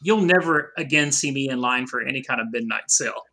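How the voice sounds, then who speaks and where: A man's voice: medium pitch, brisk, bright, forceful tone. A man co-hosting a podcast in casual chat, telling rambling anecdotes full of filler words. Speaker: podcast co-host. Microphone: remote podcast recording.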